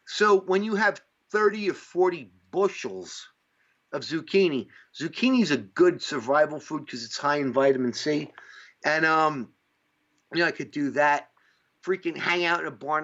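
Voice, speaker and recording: A man's voice: fairly high pitch, fairly bright tone. A man from upstate New York hosting a casual podcast chat, rambling and swearing with lots of fillers. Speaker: podcast host. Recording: dull lo-fi sound.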